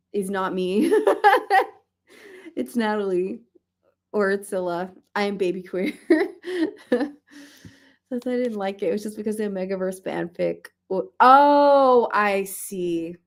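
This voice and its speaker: A woman chats casually on a relaxed reading livestream. She laughs often and drops into soft baby talk for her cat. Her voice sits at an ordinary middle pitch. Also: slow pace, pauses often. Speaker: livestream host. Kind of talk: casual chat.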